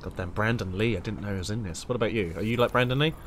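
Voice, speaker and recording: A man's voice: lowish voice, very fast, slight background noise. A man commenting casually on a video game as he plays, crude and joking. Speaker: gaming streamer.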